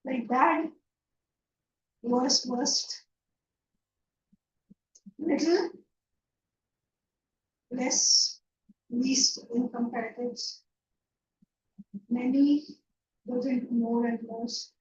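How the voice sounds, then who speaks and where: High-voiced woman teaching grammar, slowly. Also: fairly even intonation. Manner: patient, checks understanding with "yeah?" and "right?". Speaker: English teacher. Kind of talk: online grammar lecture. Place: online class from a room. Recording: roomy, distant, dull online lecture audio.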